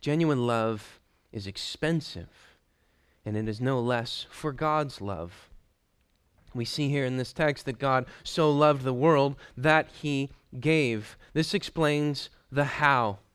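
A man preaching a sermon in an earnest, emphatic way, repeating key phrases and letting his voice drop low at the ends of lines. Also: takes it slowly, clear, resonant tone.

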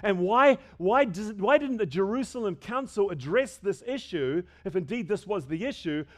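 A middle-aged man preaching a sermon, swinging between loud emphasis and hushed asides, with restarts and rhetorical questions. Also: high-pitched, lively intonation, normal speed. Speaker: pastor.

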